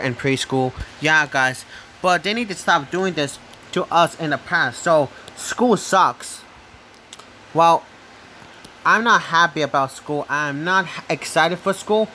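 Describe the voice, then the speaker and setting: A man vlogging an angry, repetitive rant, with bursts of yelling. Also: a little high, a little slow, a little hiss or hum.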